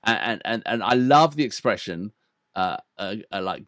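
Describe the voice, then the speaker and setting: A man's voice: fairly low pitch, lively intonation, normal speed, a bit bright, no echo. An English man co-hosting a music reaction channel, bantering casually in a dry, teasing way. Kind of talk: casual chat.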